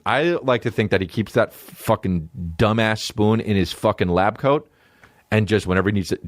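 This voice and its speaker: A man hosting a comedy podcast, ranting in a profane, animated way and breaking into character voices. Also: lowish voice, normal speed, dry recording, studio quality.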